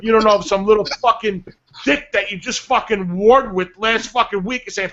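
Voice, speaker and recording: Ranting male show regular, high voice, muffled lo-fi audio. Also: steady tone, fairly quick, a bit bright, faint music behind. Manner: angry, profane, ranting. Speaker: show regular, clan player. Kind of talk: profane ranting chat.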